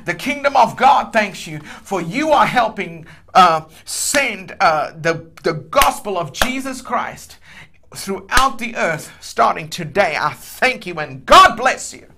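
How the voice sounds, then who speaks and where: A man leading a telethon prayer, declaring blessings over donors and then slowly reading out giving details. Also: high-pitched, big pitch swings. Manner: declaring and decreeing, swells loud, then slows to read an address. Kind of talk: fervent telethon prayer and appeal.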